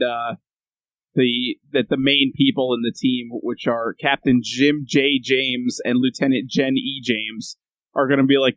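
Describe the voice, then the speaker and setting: A man's voice: mid-range voice, fairly bright tone, no echo, rough recording. A man co-hosting a podcast with a rambling, hesitant delivery full of fillers. His voice is close and dry, with no room sound around it. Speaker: podcast co-host. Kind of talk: casual chat.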